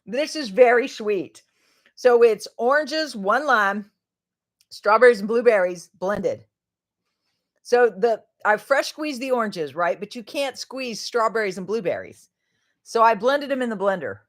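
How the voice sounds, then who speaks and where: A woman's voice: on the high side, lively intonation, measured pace. A middle-aged woman chats casually on her livestream as the host. She talks in a loose, rambling way, laughs often and lets her sentences trail off before starting new ones.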